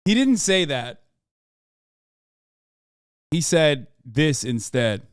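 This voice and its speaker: A man's voice: on the high side, big pitch swings, very slow, smooth, no room sound, studio quality. A male streamer giving casual livestream commentary, sarcastic and profane, rambling through his reactions. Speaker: streamer host.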